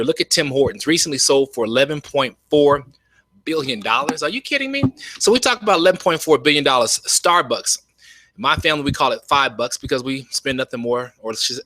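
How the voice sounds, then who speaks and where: A man giving an enthusiastic, folksy webinar sales pitch from home, often saying "you all". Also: bright, forceful tone, no echo. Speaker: network marketing presenter. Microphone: webcam.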